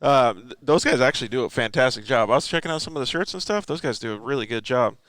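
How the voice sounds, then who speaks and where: A man co-hosting a casual talk show, easygoing and quick to chime in. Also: medium pitch, expressive, fairly bright tone, dry recording. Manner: quick, easygoing, laughs along. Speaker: co-host. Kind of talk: casual chat.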